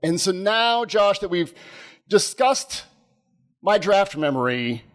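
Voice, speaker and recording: Male co-host, 30s, higher-pitched, rambling and laugh-prone storyteller. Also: slow pace. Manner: animated, rambling, laughs often. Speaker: podcast co-host. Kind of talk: casual storytelling chat.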